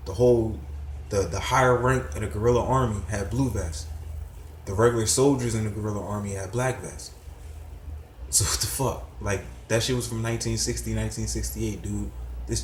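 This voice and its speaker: A man's voice: on the low side, a little mellow, echoey room, a little hiss or hum. A middle-aged man giving a heated, profane commentary rant that rises into disbelieving outbursts. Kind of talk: ranting commentary.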